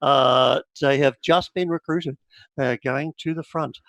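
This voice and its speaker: A man narrating as game master of a tabletop horror game, animated and full of quick asides. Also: medium pitch, vocal fry, no room sound. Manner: animated, lots of fillers and asides.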